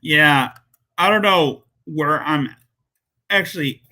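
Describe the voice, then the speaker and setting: A man hosting a reaction commentary, mocking and sarcastic, with jumpy high exclamations. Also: moderate pace, pushed and bright. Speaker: commentary host.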